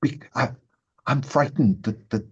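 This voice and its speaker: A man voicing a timid, frightened female servant in a tabletop game; she stammers, repeats her words and keeps her voice hushed. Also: medium pitch, measured pace, breathy edge. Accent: Saxon-accented, as a stranger in the village. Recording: dull lo-fi sound.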